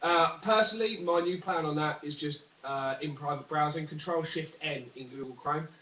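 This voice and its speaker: A man's voice: fairly high pitch, moderate pace, a little hiss or hum. A young man rambling through a jokey, one-take comic news rant, full of fillers and asides. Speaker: vlogger. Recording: dull, roomy, from a distance.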